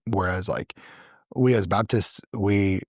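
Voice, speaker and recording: A man's voice: lowish voice, slow pace, darkish tone, dry recording, studio quality. A man hosting a casual church interview, affirming his guest and explaining doctrine with lots of restarts and repeated words. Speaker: church podcast host, interviewer.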